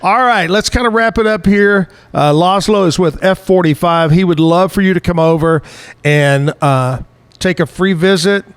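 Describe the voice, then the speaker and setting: A male talk show host chats casually with a guest. His voice sits a little higher than most men's. He rambles through his questions and jokes along the way. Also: moderate pace, smooth. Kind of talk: casual interview chat. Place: live show at a bar stage.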